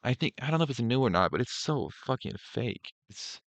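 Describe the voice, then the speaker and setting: A man's voice: mid-range voice, very animated, a little fast, creaky, a bit bright, dry recording. A man streaming, giving casual reaction commentary in a blunt, profane, ranting way with many restarts.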